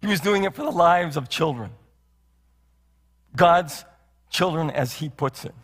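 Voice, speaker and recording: Preaching in a church sanctuary, this male pastor has a fairly high, animated, slightly bright voice and takes his time. The sermon is earnest and packed with rhetorical questions and repeated phrases, echoing with long hall reverb.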